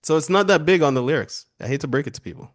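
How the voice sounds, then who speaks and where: A man's voice: a little high, very fast. Chatty laughing male music reviewer. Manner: relaxed, chatty, laughs often, reads lyrics aloud. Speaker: album review co-host. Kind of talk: casual music review chat.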